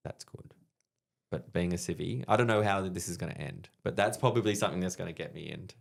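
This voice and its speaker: A man in his thirties with an Australian accent, telling profane, animated stories in casual chat as a guest comedian. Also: deep voice, quick pace, gravelly.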